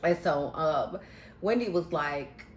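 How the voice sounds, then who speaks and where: A woman's voice: low voice, expressive, slow, a little hiss or hum. A woman recapping a reality show in a casual, sassy, slangy way, giving candid opinions. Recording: echoey room.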